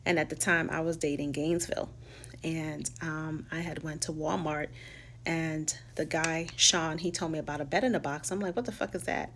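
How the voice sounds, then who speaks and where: A woman's voice: sits low, steady tone, normal speed, a bit bright, a little hiss or hum. A woman from New York with a New York accent, telling her life story in a candid, profane, casual way and mimicking the people she quotes.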